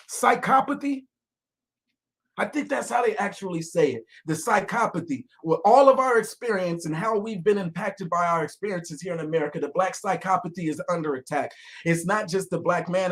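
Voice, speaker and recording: A man giving angry, profane commentary, often shouting, with calmer reflective stretches. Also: high-pitched. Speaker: online commentator.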